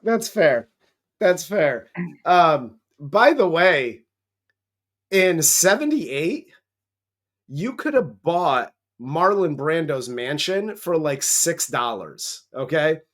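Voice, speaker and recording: A man's voice: a little high, big pitch swings, slow, fairly bright tone. A man co-hosting a movie review, retelling the plot in a casual, profane, joking way. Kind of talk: casual comedic film recap.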